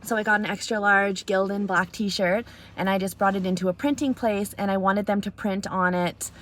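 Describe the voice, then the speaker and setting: A woman's voice: medium pitch, fairly even intonation, normal speed, fairly bright tone, a little hiss or hum. A young woman from Canada telling a story in a casual vlog, earnest, with many ums, acting out both sides of a conversation. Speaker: vlogger. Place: outdoors in snow.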